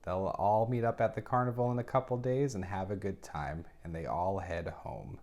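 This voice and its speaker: A man's voice: deep voice, normal speed, darkish tone. A man casually recapping a novel, dropping wry personal asides between plot points. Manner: chatty, wry asides with laughs. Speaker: book review host.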